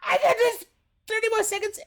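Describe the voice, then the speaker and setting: Woman straining into a squeaky puppet-monster voice, Elmo. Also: fairly even intonation, very fast. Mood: strained silly. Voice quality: pinched, strained falsetto. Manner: talks about himself in the third person. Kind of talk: gaming livestream commentary.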